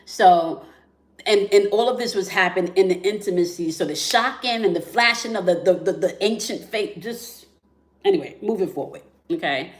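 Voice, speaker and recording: A woman's voice: mid-range voice, moderate pace, reverberant. A woman hosting a spiritual relationship talk in a casual, conversational way, often checking in with "right?" and "okay?". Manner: conversational, many fillers and "right?" tags. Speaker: spiritual relationship channel host.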